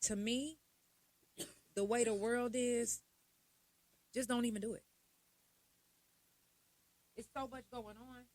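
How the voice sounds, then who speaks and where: A young adult woman, hosting a podcast in a blunt, profane, animated casual monologue. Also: on the high side, takes it slowly, pauses often, dry recording. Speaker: podcast host.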